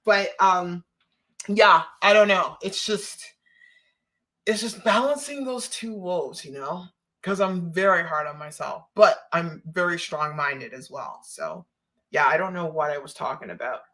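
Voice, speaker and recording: A little slow but animated, her lowish voice sounds pushed and bright. The woman, from Canada, is chatting on a live stream, rambling and laughing often while emotional and holding back tears.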